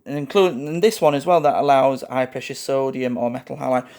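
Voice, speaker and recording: A man rambling through a casual show-and-tell vlog, halting and correcting himself often, with frequent fillers and asides to his viewers. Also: mid-range voice, fairly even intonation, darkish tone. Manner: keeps addressing viewers as "guys". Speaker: lighting hobbyist vlogger.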